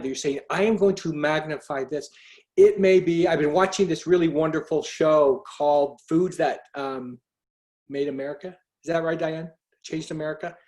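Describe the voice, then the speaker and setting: A man's voice: a little high, darkish tone. A man hosting a motivational group call, earnest and urging, putting direct questions to his listeners. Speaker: host. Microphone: video call.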